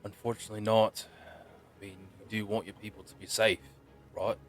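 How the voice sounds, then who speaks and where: A man playing a steady male survivor who speaks calmly and reassuringly in a tabletop role-play. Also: fairly low pitch, a little fast, soft background music, lightly acted. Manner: calm, reassuring.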